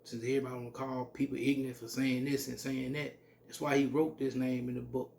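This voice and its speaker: A religious teacher with a gravelly, mellow, medium-pitched voice teaches scripture bluntly and saltily, with little pitch movement. He reads verses slowly, then drops into plain commentary. Faint noise lies beneath the recording.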